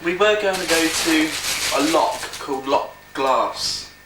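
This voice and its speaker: A man's voice: fairly high pitch, slow pace. A man tells an easygoing story of the trip while standing inside a small stone hut. He is heard from across the room on a camcorder, his voice bouncing off the walls under a layer of noise. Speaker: friend on camping trip. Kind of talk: casual chat. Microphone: camcorder mic across the room. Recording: echoey, distant camcorder sound with noise.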